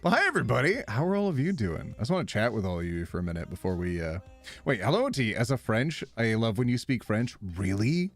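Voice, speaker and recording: A man with a mid-range voice talks at a quick pace during a live stream, with faint music behind him. He chats casually with his viewers in an animated way, reading their messages aloud and laughing often.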